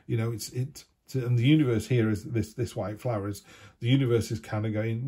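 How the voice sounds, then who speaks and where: A man's voice: lowish voice, fairly even intonation, moderate pace, warm tone, breathy edge. A man giving a chatty, rambling tarot reading full of asides. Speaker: tarot reader.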